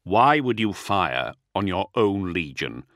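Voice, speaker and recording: Guy doing a stern warlord barking orders, low voice, dry close sound. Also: very animated, takes it slowly, no echo, full character voice. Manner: forceful, clipped commands. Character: stern commanding male warrior lord.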